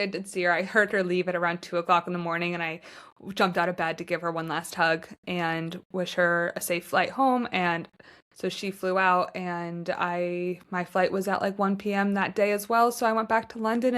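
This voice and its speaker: A woman's voice: mid-range voice, flat delivery, normal speed, a bit bright. Gushing American woman podcast host. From United States. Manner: gushing, heartfelt, chatty with many "like" fillers. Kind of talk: casual chat.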